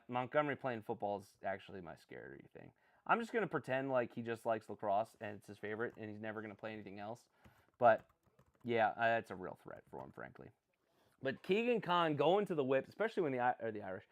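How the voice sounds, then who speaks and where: A young man hosting a live stream, commenting on a sports draft in an excitable, rambling way and often correcting himself. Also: medium pitch.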